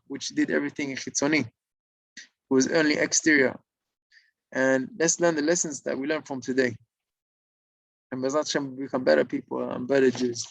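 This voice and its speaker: A man preaches and tells a moral tale with lively, acted-out turns. His voice is gravelly and a bit high, recorded close and dry. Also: no echo, rough recording. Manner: animated, acts out the figures, mixes in Hebrew terms. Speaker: religious storyteller and teacher. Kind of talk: sermon-style storytelling.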